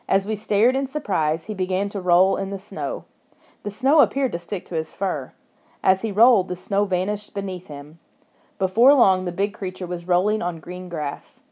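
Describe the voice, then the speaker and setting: A woman narrating a children's horror audiobook in the first person, steady and expressive. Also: mid-range voice.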